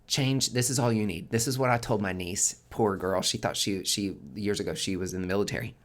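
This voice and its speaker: A man hosting a casual tarot forecast, chatty and expressive, swearing freely and swinging between loud emphasis and soft near-whispers. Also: on the low side, a little fast. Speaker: tarot reader and podcast host.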